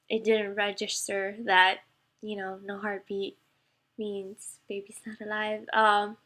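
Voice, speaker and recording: A woman's voice: mid-range voice, a bit bright. Tearful young woman telling a story. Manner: tearful, halting, many fillers. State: emotional, close to crying. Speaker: vlogger. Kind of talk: personal storytime to camera.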